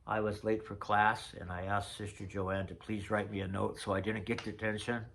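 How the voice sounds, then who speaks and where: Older guy w a lowish voice rambling thru old memories, faint hum in the room. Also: little pitch movement, moderate pace, vocal fry, a bit bright. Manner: chatty storyteller, drifts off mid-thought. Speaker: vlogger. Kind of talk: casual reminiscing vlog.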